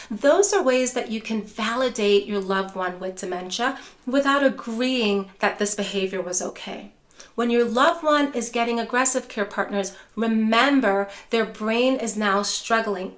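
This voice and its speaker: A woman's voice: fairly high pitch, moderate pace. Reassuring woman teaching caregivers. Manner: warm, reassuring, addresses viewers as care partners; acts out gentle calming phrases in a soft voice. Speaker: dementia care educator. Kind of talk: direct-to-camera teaching.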